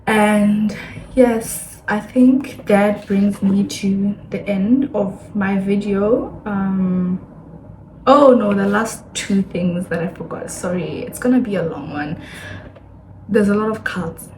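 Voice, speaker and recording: A young woman in her twenties, speaking English with a Botswana accent, talks casually to her camera in a sit-down vlog. She is chatty and animated, mimicking the people she talks about. The room sounds echoey, with a faint hum of ambience underneath. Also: medium pitch, slow pace. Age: 20s. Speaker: vlogger.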